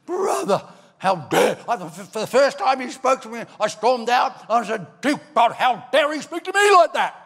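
An older man from Ireland, preaching a sermon as a pastor, telling stories with animated bursts into shouting. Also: high-pitched, vocal fry. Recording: long hall reverb.

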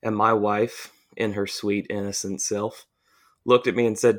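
A man's voice: on the low side, flat delivery, measured pace. Profane man telling a rambling story. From southern United States. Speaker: podcast co-host. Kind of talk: casual storytelling chat.

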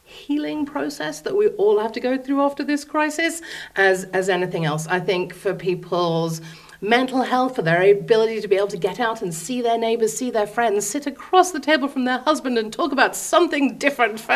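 A woman's voice: a little high, fairly quick. A woman from a local theatre answering interview questions, earnest and upbeat, sometimes correcting herself mid-sentence. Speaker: theatre representative.

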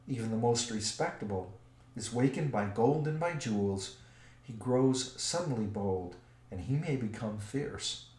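There's a roomy echo around this storybook reading, narrated by a man whose mid-range voice stays measured and expressive.

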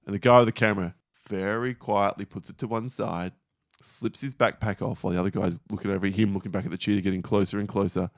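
Podcast co-host, man, low voice, quick dry joke teller. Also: steady tone, dry recording. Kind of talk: casual joke-telling banter.

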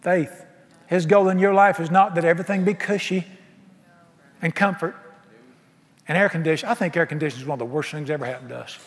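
A man's voice: on the high side, quick pace, long pauses. A man preaching a sermon as pastor, folksy and exuberant, full of rhetorical questions. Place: church sanctuary. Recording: long reverb of a church hall.

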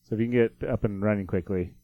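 A man co-hosting a podcast in casual chat, quick and joking as he leads the conversation. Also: fairly low pitch, fairly even intonation, no echo, phone-quality sound. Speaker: podcast co-host.

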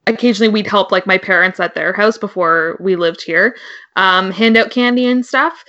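A woman's voice: mid-range voice, normal speed, bright, forceful tone, lo-fi sound. A woman co-hosting a podcast in casual chat, telling stories and saying "like" a lot. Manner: chatty storyteller, heavy use of "like". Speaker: podcast co-host.

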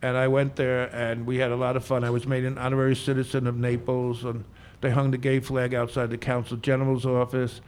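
A man's voice: medium pitch, monotone, a little fast, darkish tone, a little hiss or hum. An older man in his seventies, a veteran bartender telling stories in a Q&A, chatty and joking with frequent laughs. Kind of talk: storytelling in a Q&A.

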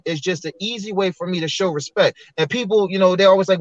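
A man with a high voice tells his story earnestly, circling back and restarting as he thinks. The sound is dull and lo-fi, dry with no room around it. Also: brisk, few pauses, no room sound. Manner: earnest, reflective, many restarts. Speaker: podcast guest. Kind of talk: candid personal storytelling.

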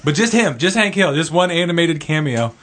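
A man's voice: a little high, expressive, brisk, a bit bright, slight background noise. A man co-hosting a casual movie podcast, profane and joking as he riffs. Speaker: podcast co-host. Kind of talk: casual movie-review chat.

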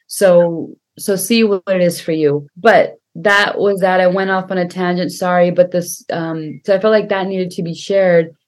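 A woman's voice: fairly low pitch, fairly even intonation, moderate pace, few pauses. A woman talking as a podcast guest and healer, telling her story earnestly, often repeating herself for emphasis. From Punjabi family. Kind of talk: casual conversation.

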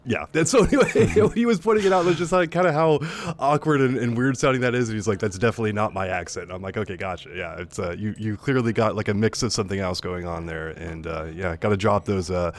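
A man co-hosts a casual podcast in a lower voice. He rambles in a loose, easygoing way, with plenty of "like" and "uh". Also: fast, hardly any pauses. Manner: loose, chatty, lots of fillers. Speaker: podcast co-host.

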